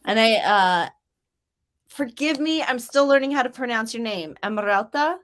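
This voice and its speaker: A woman's voice: fairly high pitch, expressive, normal speed, a bit bright. Upbeat, chatty woman hosting a livestream. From grew up near Mexico. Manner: chatty, upbeat, reads chat comments aloud. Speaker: host of writing sprint livestream. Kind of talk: casual livestream chat.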